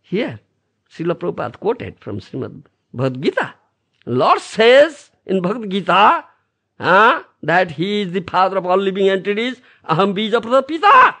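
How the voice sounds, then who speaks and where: Gravelly, high-voiced man lecturing slowly. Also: big pitch swings, pushed and bright. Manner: keeps asking the room "you understand?"; emphatic, repeats key phrases. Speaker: spiritual teacher. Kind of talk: scripture lecture. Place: Brisbane, Australia.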